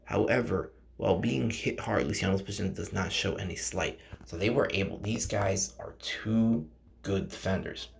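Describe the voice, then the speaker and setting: A man with a lowish, gravelly voice reads a story aloud in a loose, unpolished way. He trips over names, restarts sentences and keeps turning to his viewers to chat between passages. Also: slight background noise. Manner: halting, stumbles over names, chats to viewers. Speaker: channel host reading a game novel aloud. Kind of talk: casual read-aloud with commentary.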